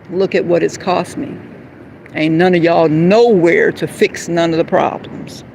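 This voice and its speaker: Lady ranting on a live stream, gravelly voice, street noise and cars going by. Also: deep voice. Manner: rambling, heated and confrontational, then softly apologetic. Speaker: livestreamer. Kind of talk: emotional live-stream monologue.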